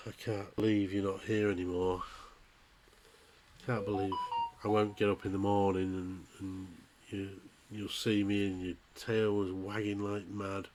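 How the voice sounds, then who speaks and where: A man giving a halting, tearful farewell in a vlog, speaking softly with pauses and restarts. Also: fairly low pitch, little pitch movement, a little hiss or hum. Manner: halting, soft-spoken, pausing and restarting. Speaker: vlogger. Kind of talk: emotional farewell monologue.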